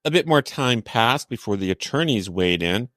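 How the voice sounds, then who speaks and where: A man's voice: medium pitch, lively intonation, normal speed, a bit bright, dry recording. A young adult man co-hosting a podcast, giving dry, pointed commentary from a script. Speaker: podcast co-host. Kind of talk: scripted true-crime commentary.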